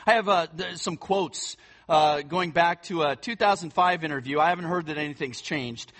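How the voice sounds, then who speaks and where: A man's voice: fairly high pitch, normal speed, a bit bright. A man preaching a sermon in an earnest, emphatic way, often repeating words for weight. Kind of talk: sermon teaching.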